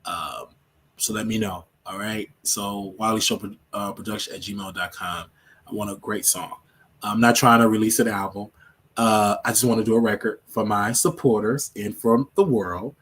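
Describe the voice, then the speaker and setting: A man's voice: lowish voice, steady tone, normal speed, a bit bright, breathy edge. A man hosting his own show, chatting casually and rambling on a livestream, laughing often. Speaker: show host.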